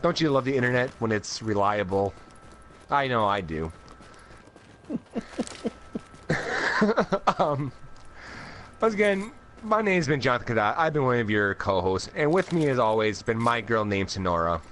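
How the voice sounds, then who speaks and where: A man co-hosting a casual pop-culture podcast, joking around and quick to laugh. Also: mid-range voice, very animated, a bit bright, a little hiss or hum. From North America. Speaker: podcast co-host.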